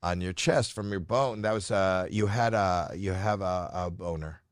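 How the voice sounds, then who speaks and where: A man's voice: deep voice, moderate pace, no echo, clean studio sound. A middle-aged comedian telling a story as a podcast guest, rambling and playful, often breaking off his own sentences. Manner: rambling, self-interrupting, playful. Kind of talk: casual storytelling.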